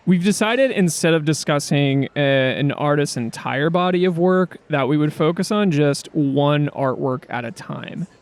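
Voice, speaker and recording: A man's voice: on the high side, darkish tone. A man co-hosting a podcast in casual, partly scripted banter, irreverent and joking, with the odd swear word. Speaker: podcast co-host.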